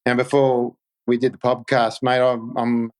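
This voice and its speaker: Easygoing Australian bloke with smooth voice. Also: male voice, medium pitch, level tone, poor audio. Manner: easygoing, says "mate" constantly, halting restarts. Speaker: podcast guest, kayak angler. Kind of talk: casual podcast chat.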